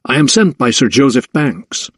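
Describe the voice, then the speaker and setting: Man playing a courteous gentleman doctor. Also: mid-range voice, animated, normal speed, no echo, studio quality, natural voice. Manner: formal, courteous period diction. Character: polite earnest English gentleman doctor.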